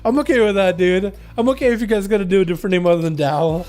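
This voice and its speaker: With a high, darkish voice, he talks fast and barely pauses. The young man, whose first language is Russian, is streaming a game and rambling in slang with his viewers while faint music plays behind.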